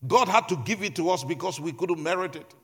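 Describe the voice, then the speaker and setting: Male pastor, sermon, lively swooping pitch, husky voice, repeating phrases for emphasis. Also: a little fast. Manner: preaching with repetition and rising emphasis.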